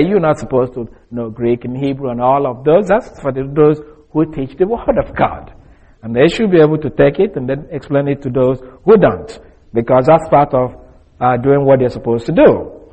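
A man teaching from the Bible in a deliberate, explanatory way, pausing often with small fillers. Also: fairly high pitch, darkish tone, slightly rough, low-quality recording.

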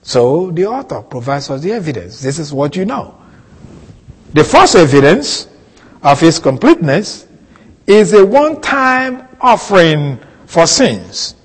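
A man teaching a Bible passage in a sermon, slow and deliberate, repeating key words for emphasis. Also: fairly high pitch, big pitch swings, slightly rough, in a large hall, low-quality recording. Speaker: preacher.

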